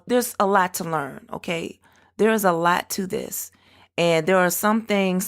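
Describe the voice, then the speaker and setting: Female podcast host, slightly low pitch, steady explanatory delivery. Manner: steady, explanatory, spells out web addresses slowly. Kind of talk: solo business podcast talk.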